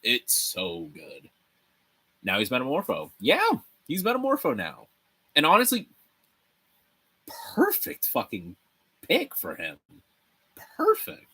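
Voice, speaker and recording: Here the young livestream host speaks slowly at medium pitch, pausing often, his voice slightly rough. Even so, he stays animated while he rambles to viewers, cursing freely and laughing frequently as he builds a set.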